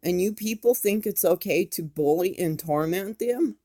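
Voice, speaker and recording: A woman's voice: fairly low pitch, moderate pace, hardly any pauses, dark tone. A woman, speaking in an impassioned, scolding commentary vlog. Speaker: YouTube commentator.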